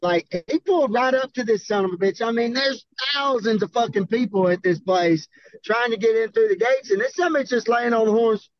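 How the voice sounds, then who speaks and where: A man's voice: very high-pitched, a little fast, muffled recording. A man from Arkansas with a Southern accent, telling rowdy stories in a casual, profane, laid-back way as a podcast guest. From Arkansas, USA. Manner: profane, laid-back drawl, laughing storyteller. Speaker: podcast guest, bull rider. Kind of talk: casual storytelling.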